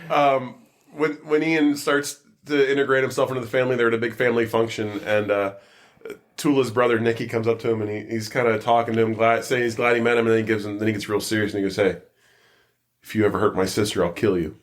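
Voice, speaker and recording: Casting note: male podcast host, mid-pitched, rambling and laugh-prone, casual. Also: fairly even intonation, quick pace. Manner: laughs often, rambling storyteller. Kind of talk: casual chat.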